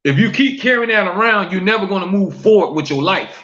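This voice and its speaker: A man's voice: sits high, lively intonation, fairly quick, fairly bright tone, muffled recording. A man hosting a live-streamed talk show, repeating questions to his viewers, reading their comments aloud and preaching about forgiveness.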